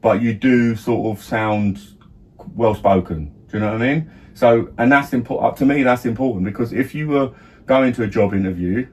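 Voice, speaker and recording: A man's voice: medium pitch, normal speed, darkish tone. A middle-aged man from around London talks in his own plain London accent, with a mid-range voice. He rambles through casual podcast chat, restarting sentences and checking in with "do you know what I mean". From London area, England. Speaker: podcast co-host, father.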